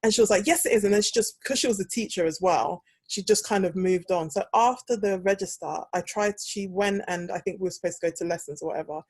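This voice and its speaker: A woman's voice: medium pitch, fast, few pauses, a little mellow, breathy edge, dry recording. A young British woman hosting a podcast, telling a story in casual chat and acting out the quoted dialogue. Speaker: podcast host.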